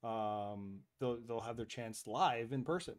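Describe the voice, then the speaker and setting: A man's voice: medium pitch, a little slow. A man hosting a podcast, chatting casually with many fillers and laughs. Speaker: podcast host. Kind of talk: casual chat.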